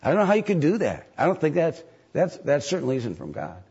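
Man preaching, husky voice, lively swooping pitch, dull lo-fi recording. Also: quick pace. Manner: emphatic, mocking voices when quoting others. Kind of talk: sermon.

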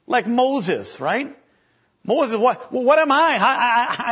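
A man preaching an animated sermon, acting out scripture voices and stammering for effect. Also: very high-pitched, a little slow, slightly rough. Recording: dull lo-fi recording.

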